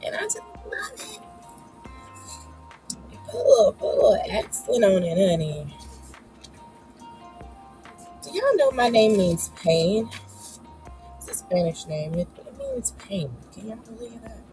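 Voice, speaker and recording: Woman, sniffly with a cold, chatty and teasing, encouraging live-stream host, mid-range voice, soft music behind. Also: medium pitch, huge pitch swings, unhurried, pauses often, poor audio. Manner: chatty, playful, encouraging with lots of "y'all" and "child". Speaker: host of a live writing session. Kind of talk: casual live-stream chat.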